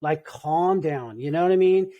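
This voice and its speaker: A man's voice: fairly high pitch, moderate pace, narrow, tinny audio. A man in his fifties, a surf coach, talking in a laid-back, easygoing way on a podcast. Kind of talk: casual podcast chat.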